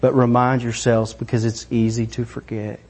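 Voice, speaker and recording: A middle-aged man preaching a sermon, animated and excited, acting out voices. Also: mid-range voice, moderate pace. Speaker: pastor.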